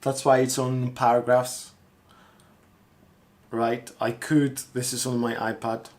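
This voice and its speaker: Slow, rambling man chatting on a live stream. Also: mid-range voice, little pitch movement, darkish tone. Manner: rambling, thinks aloud, repeats words. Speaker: street artist streaming live. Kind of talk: casual live-stream chat.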